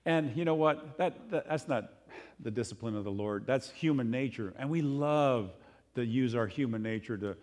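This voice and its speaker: A man preaching a sermon in a conversational, animated way, with sudden jumps in loudness and pitch. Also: normal speed. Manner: conversational, animated, acts out quotes in other voices.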